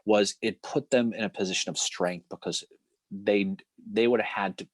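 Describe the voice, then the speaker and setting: A man's voice: fairly low pitch, fairly even intonation, normal speed, dry recording. A man co-hosting a casual history chat, rambling with restarts and laughing often. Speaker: podcast co-host.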